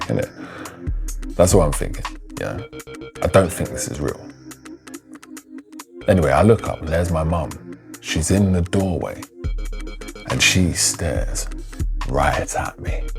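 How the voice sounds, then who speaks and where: A man, telling a personal story in a loose, slangy, animated way. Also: low voice. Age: 30s. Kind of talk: casual spoken storytelling.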